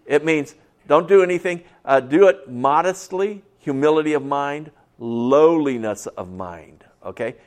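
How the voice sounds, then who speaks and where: A man preaching a sermon as pastor, conversational, asking the congregation questions, repeating key phrases and acting out little stories with voices. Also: a little high. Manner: acts out stories with voices, drops to soft tones for effect.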